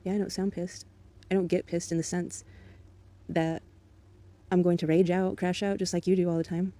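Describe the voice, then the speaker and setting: A woman's voice: fairly low pitch, flat delivery, moderate pace, dark tone. A woman in an angry, profane monologue aimed at an ex-partner, bitter and contemptuous but controlled. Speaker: vlogger.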